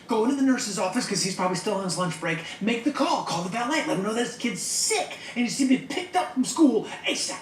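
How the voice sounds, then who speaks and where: An actor playing an excitable, scrappy young man in a sitcom who talks in a rushed, stammering way. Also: high voice, roomy sound, far from the mic, slight background noise. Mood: eager. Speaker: sitcom character. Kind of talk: sitcom acting.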